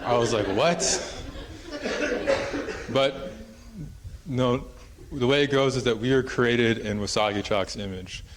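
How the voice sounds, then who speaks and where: A man's voice: mid-range voice, brisk, few pauses, a crowd in the background, background noise. A man presenting at a conference, telling a traditional story in a casual, rambling way with many fillers. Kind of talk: oral storytelling in a conference talk. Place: conference hall.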